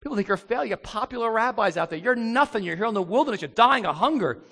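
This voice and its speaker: A man's voice: high-pitched, expressive, racing, vocal fry, bright, forceful tone, pitched above the performer's own voice, exaggerated voice. A scornful male devil goads and mocks, pushing hard for someone to give in, as a preacher acts him out. His voice swings wildly up and down, and long reverb trails after every line. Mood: mocking. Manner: goading, mocking, insistent. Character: taunting male devil tempter, scornful and pushy.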